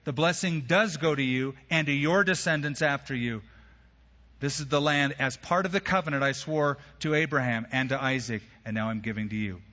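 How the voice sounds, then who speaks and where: Bright-voiced preacher man in a hall. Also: medium pitch, normal speed. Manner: storytelling, acts out biblical dialogue in casual modern phrasing. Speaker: pastor. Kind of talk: sermon. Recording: dull sound, long hall reverb.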